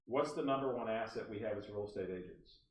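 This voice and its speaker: A man's voice: fairly low pitch, quick pace, distant mic. Man telling stories in a roomy room. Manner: animated storyteller with frequent asides to the room. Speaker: real estate trainer. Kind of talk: storytelling training talk to agents. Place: meeting room at a real estate office.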